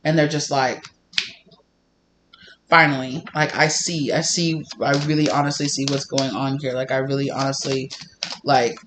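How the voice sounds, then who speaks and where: A man giving a casual tarot reading, talking in an animated way with lots of fillers and some swearing. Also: medium pitch, normal speed, pauses often, background noise. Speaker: tarot reader.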